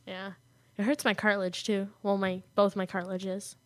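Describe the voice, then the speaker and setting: A woman's voice: mid-range voice, level tone, normal speed, dry recording. A young woman co-hosting a casual chat show, giggly and teasing. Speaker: co-host.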